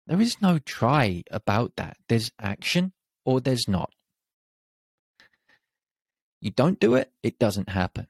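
Man, motivational podcast host, emphatic and casually profane, gravelly, dry close sound. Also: on the high side, very animated, slow, long pauses, a little mellow, no room sound. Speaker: confidence podcast host and coach.

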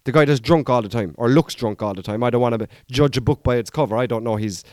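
A man's voice: medium pitch, quick pace, darkish tone, no echo, studio quality. An Irish man hosting a podcast in a rambling, self-mocking comic monologue full of chatty asides. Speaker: podcast host.

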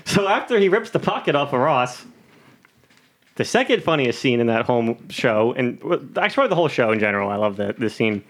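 A man's voice: mid-range voice, big pitch swings, fast talker. A young man co-hosting a casual podcast chat, rambling and laughing often as he acts out quoted lines. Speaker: podcast co-host.

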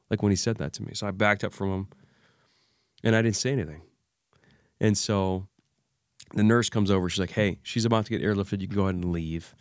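A man as an interview guest, recounting a personal crisis in an animated way and acting out the dialogue he remembers. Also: lowish voice, fairly quick, pauses often, no echo, clean studio sound. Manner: animated retelling, acts out remembered dialogue, many fillers. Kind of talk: emotional personal storytelling.

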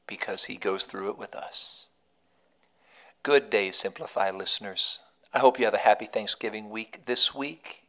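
A man's voice: mid-range voice, fairly bright tone. A man hosting a devotional podcast, telling a story in an earnest, emphatic way that leans on repetition. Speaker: podcast host and devotional speaker.

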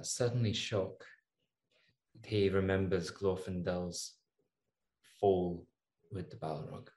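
A man playing a tabletop game, thoughtfully describing his character's feelings with pauses and fillers. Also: deep voice, darkish tone, roomy sound. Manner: slow, thoughtful, hesitant with fillers. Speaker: player.

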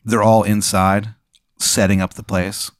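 A man narrating a comedic improvised adventure as game master, deadpan with frequent fillers. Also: fairly low pitch, unhurried, no room sound, studio quality.

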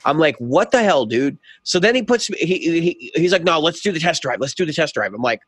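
A man's voice: on the high side, sing-song, a little fast, hardly any pauses, fairly bright tone, dry recording. A middle-aged man co-hosting a casual podcast, animatedly acting out both sides of a conversation as he tells a story. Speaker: podcast co-host.

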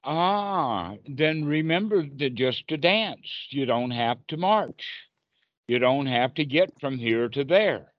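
A man's voice: mid-range voice, expressive, takes it slowly, no room sound. A man teaching Buddhist meditation on a group video call, playful and encouraging as he acts out inner dialogue. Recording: dull lo-fi call audio.

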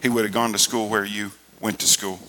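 A man preaching a sermon as pastor, building to loud emphatic passages. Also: lowish voice, flat delivery, a little fast, slight background noise. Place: church sanctuary. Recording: reverberant church hall.

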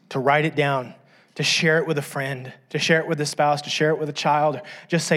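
A man's voice: medium pitch, moderate pace, a bit bright. A middle-aged man preaching a sermon in a conversational way, with frequent asides to the congregation and self-deprecating humor. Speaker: pastor.

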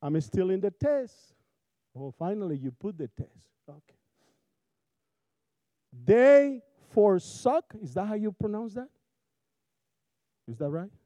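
High-voiced preacher with a Spanish accent. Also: male voice, normal speed, long pauses, dry recording. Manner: animated, joking, rhetorical questions to the congregation. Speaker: pastor. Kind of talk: sermon.

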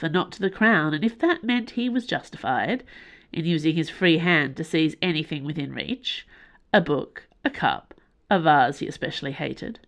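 A woman with a fairly low voice hosts her own podcast and reads a novel serial aloud. Her narration is measured and expressive. She records in a small room with a closed door. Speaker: podcast host and reader.

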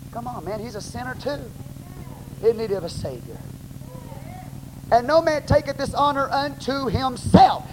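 A man with a Texan accent, preaching a sermon as pastor in a blunt, plain-spoken way, bursting into shouts. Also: very high voice. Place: church sanctuary. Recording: noisy live church recording.

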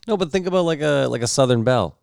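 A man's voice: mid-range voice, animated, quick pace, gravelly, darkish tone, clean tone, dry recording, clean studio sound. A man co-hosting a podcast in casual chat, joking around, swearing freely and mimicking accents. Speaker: podcast co-host.

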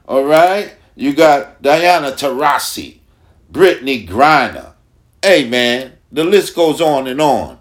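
A man from Long Island talks sports on his podcast, taking his time with each phrase. He leans hard on repeated words and emphatic asides, and his pitch sits in a middle range. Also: expressive, takes it slowly. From Long Island, New York. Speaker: podcast host. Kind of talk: casual sports talk.

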